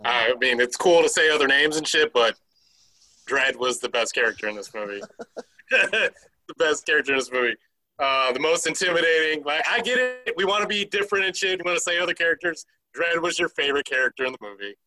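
A man's voice: fairly high pitch, brisk, pushed and bright, low-quality recording. A man co-hosting a podcast, chatting casually and hammering his points home by repeating them. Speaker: podcast co-host reviewing a movie. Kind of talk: casual chat.

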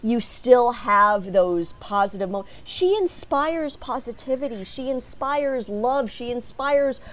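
An expressive American woman from Chicago speaks on a fan panel. Her voice sits a little high, and she tells her stories with plenty of animation to a live audience. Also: takes it slowly.

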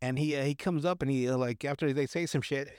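A man's voice: medium pitch, fairly even intonation, fast, a little mellow, smooth, no echo, clean studio sound. A man hosting a podcast, casually recapping a movie in a loose, rambling way, swearing and laughing often. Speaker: podcast host.

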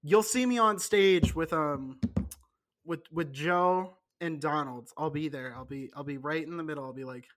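A man with a notably high voice co-hosting a casual podcast. He rambles, jokes and restarts his sentences often, laughing along as he goes. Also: moderate pace, fairly bright tone. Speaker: podcast co-host. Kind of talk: casual chat.

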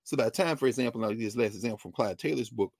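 A man talking in an animated, digressive way in a conversation, often jumping up and down in pitch. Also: gravelly, no echo, clean studio sound. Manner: lively, digressive, quick shifts between high and low pitch. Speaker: guest.

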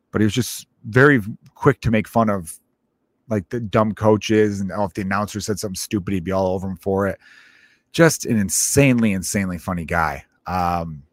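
Male podcast host, 30s, low register, casual and profane storyteller, dry close sound. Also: dry recording. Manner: rambling, profane, self-interrupting.

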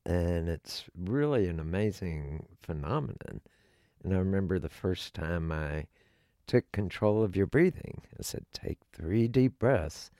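A man co-hosting a podcast, talking in a slow, deliberate, instructive way. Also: low-pitched, lively intonation, dark tone, no room sound, studio quality. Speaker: podcast co-host. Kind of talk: casual podcast chat.

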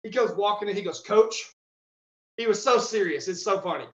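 Animated, high-voiced strength coach. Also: male voice, fast. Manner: animated storyteller, acts out quotes, laughs. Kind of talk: casual podcast storytelling. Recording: roomy, slightly dull audio.

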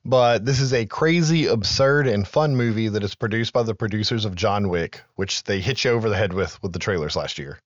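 A man's voice: fairly low pitch, brisk, hardly any pauses, no echo, lo-fi sound. Casual man recapping a movie on a podcast. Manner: conversational, recaps film trivia with loose asides and profanity. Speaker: podcast co-host.

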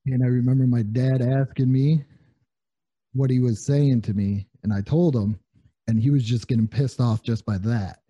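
A man's voice: mid-range voice, steady tone, normal speed, warm tone, husky, no echo. A man in a casual chat who recalls old stories, often stammering and repeating words.

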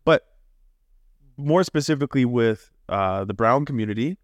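A young Canadian man co-hosting a podcast, talking with passion and preaching hard, swearing freely and jumping to high emphatic peaks. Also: animated, moderate pace, no echo. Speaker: podcast co-host. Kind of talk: casual podcast chat.

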